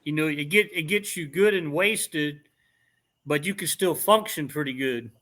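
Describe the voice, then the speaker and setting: A middle-aged man telling stories in a casual chat, animated and laughing as he acts out what people said. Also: on the high side, moderate pace.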